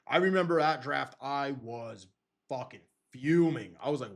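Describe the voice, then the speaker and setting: A young man hosting a podcast, rambling through casual sports talk in an excitable way and swearing freely. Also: mid-range voice, moderate pace, gravelly. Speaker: podcast host.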